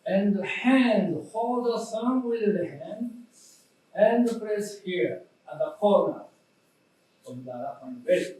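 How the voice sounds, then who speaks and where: A man with a Japanese accent, a native Japanese speaker, guiding a posture demonstration in halting English and repeating his key instructions. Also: high-pitched, animated, darkish tone. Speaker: meditation instructor. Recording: roomy lecture hall, voice from a distance.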